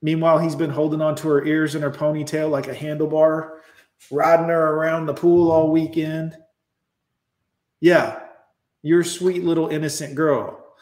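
A man's voice: on the high side, level tone, normal speed, darkish tone, reverberant. A man telling a crude, mocking story to viewers in a casual monologue.

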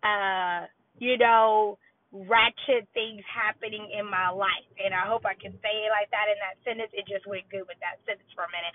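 A woman in her thirties giving an animated personal faith testimony with rambling asides and emphatic near-shouts. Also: fairly high pitch, a little hiss or hum. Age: 30s. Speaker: teacher giving a faith talk. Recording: tinny phone-line sound.

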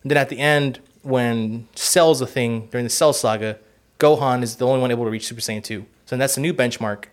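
A man of ordinary middle pitch telling a long story in casual chat. He rambles freely, swears often and leans on "like" and "you know" between thoughts. His tone stays loose and unscripted. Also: fairly quick. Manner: rambling, profane, heavy use of "like" and "you know". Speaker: podcast co-host.

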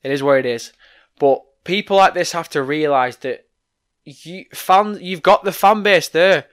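Hoarse man ranting. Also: on the high side, a little slow, a bit bright. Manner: profane, ranting, fired-up opinions. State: voice going hoarse. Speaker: wrestling news host. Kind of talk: solo commentary vlog.

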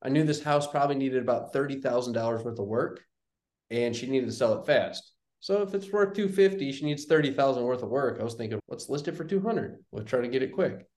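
A young man, a guest on an interview show, casually telling a story and acting out the dialogue. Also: medium pitch. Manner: animated storyteller, acts out quoted dialogue. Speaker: guest, real estate investor. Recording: roomy echoey sound.

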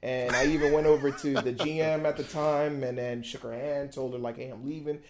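A man in his thirties, a podcast guest, telling stories casually with lively slang and repeated phrases. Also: medium pitch, fairly quick. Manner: animated, slangy, repeats for emphasis. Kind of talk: casual storytelling.

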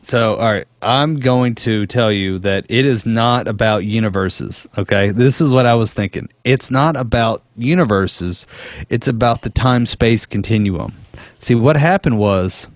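A man's voice: medium pitch, measured pace, no echo. A man co-hosting a casual podcast chat, joking, laughing often and laying out his theories. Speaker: podcast co-host.

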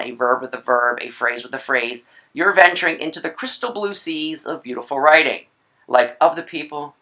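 A writing instructor giving a recorded video lecture, chatty, with playful asides and quick self-corrections. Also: medium pitch, sharp tone.

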